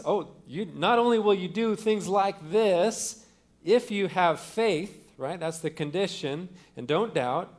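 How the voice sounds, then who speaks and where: Guy preaching a sermon, kinda higher voice, chatty teaching with lots of ums. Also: takes it slowly. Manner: conversational teaching with fillers and restarts; opens with a quiet prayer. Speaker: pastor.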